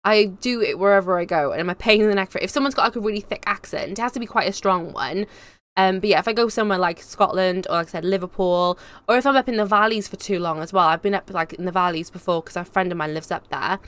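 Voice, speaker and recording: A woman's voice: mid-range voice, quick pace, a bit bright, smooth. A young woman with a Cardiff Welsh accent, chatting casually and reading out comments on a live stream. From Wales. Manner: chatty, rambling, laughs often. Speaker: YouTube host reading live chat.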